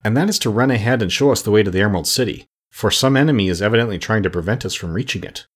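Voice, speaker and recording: A man voicing a gentle, kind-hearted male tin man who speaks courteously. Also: on the low side, racing, slightly rough.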